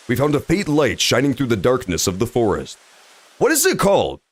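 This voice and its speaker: A man streaming a video game, joking and swearing while reading the story aloud. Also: mid-range voice. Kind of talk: casual game commentary.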